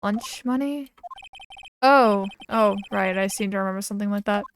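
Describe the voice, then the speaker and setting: A woman voicing a proud young male prosecutor in a courtroom game, speaking low and clipped. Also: moderate pace, a little hiss or hum, lightly acted. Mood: aloof.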